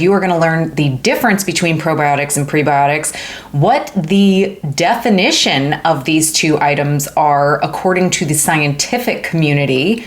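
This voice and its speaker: A woman's voice: low-pitched, normal speed. A woman hosting a casual science explainer video, joking and playful as she teaches. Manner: playful, jokey, animated delivery. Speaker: educational video host.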